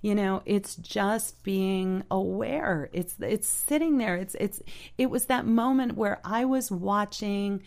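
A woman telling a heartfelt story in casual chat, halting, with many restarts and "you know". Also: mid-range voice, vocal fry, darkish tone. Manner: earnest, heartfelt. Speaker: storyteller guest.

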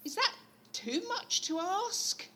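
A woman playing an excitable, hopeful actress in a comedic audio play, talking in a gushing way. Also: very high-pitched, slow pace, heavily acted.

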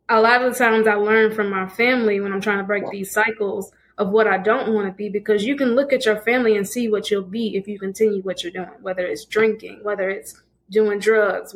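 A woman's voice: medium pitch, steady tone, normal speed. A woman on a casual podcast speaking in an earnest, reflective way. She talks steadily as she offers advice. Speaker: podcast co-host. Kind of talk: casual chat.

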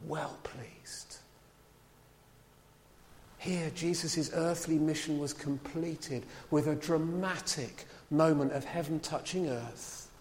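A man preaching a sermon in a church, lively and chatty, with asides to his listeners. His voice sits a little higher than most men's. A long reverb hangs on it from the hall. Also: measured pace, hardly any pauses, slight background noise.

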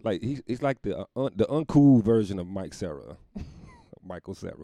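Man, low voice, gravelly, lively pitch, rambling profane comic rant, laughs at own jokes. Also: normal speed, no room sound, studio quality.

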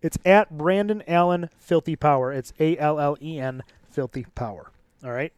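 A man's voice: on the high side, moderate pace, clear, resonant tone, no room sound. A man hosting a podcast in casual, profane, rambling chat. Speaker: podcast host.

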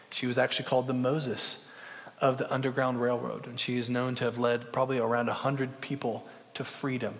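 A young man preaching a sermon in an earnest, conversational way. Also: mid-range voice. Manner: earnest, conversational with film references. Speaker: pastor. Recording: long hall reverb.

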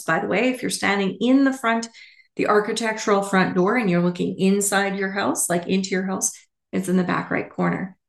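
A woman podcast host telling a personal story in a candid, animated way with casual asides. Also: on the low side, vocal fry, roomy sound.

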